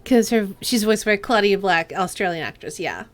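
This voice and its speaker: A woman's voice: medium pitch, lively intonation, normal speed, soft background music. An American woman streaming a game, chatting casually in a chatty way and laughing often. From United States. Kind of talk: casual gameplay commentary.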